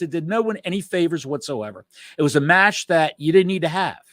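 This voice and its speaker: A man co-hosting a casual podcast, animated and rambling, swearing freely as he rants. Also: on the high side, fairly quick, no echo. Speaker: podcast co-host.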